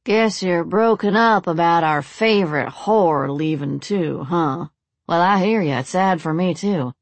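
A woman's voice: fairly low pitch, unhurried, no echo. Danny, a woman voicing a drunk crude cowboy. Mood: leering. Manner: slightly slurred, boorish drawl.

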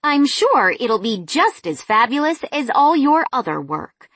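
A woman narrator plays a courteous, well-mannered client from an audiobook romance, gracious and pleased. The voice is husky and breathy and sounds close and dry. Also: sits high, very animated, measured pace, a bit bright, dry recording, voice pushed up, heavily acted.

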